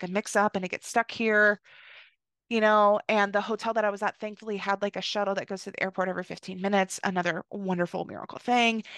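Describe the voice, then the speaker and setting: A woman's voice: on the high side, dry recording, clean studio sound. A young woman hosting a podcast, chatting casually through a story and filling her talk with "like" as she quotes the people in it. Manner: chatty, lots of "like", quotes people in lively voices. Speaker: podcast host.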